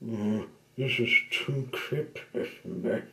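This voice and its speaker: A man's voice: medium pitch, slow pace, fairly bright tone, reverberant. A man voicing a rattled, shaky male tugboat in a storybook reading, speaking in mutters. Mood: spooked.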